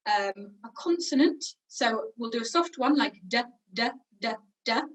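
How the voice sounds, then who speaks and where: A woman's voice: a little high, distant mic, poor audio. A young woman teaching singing, chatty and encouraging, demonstrating each sound. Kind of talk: online vocal warm-up lesson.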